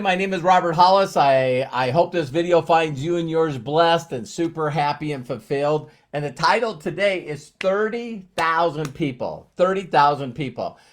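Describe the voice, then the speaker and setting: A man in his fifties hosting a live-streamed motivational talk, upbeat and rambling, with many fillers and restarts. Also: fairly high pitch. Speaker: network marketing presenter.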